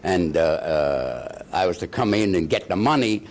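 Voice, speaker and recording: An older man with a lowish voice tells his stories with lively, swooping intonation. He chuckles as he goes and slips into the voices of the people he quotes, like a veteran actor reminiscing in an interview. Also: a little slow, slight background noise. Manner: animated, chuckling storyteller who acts out the people he quotes. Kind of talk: anecdotal storytelling.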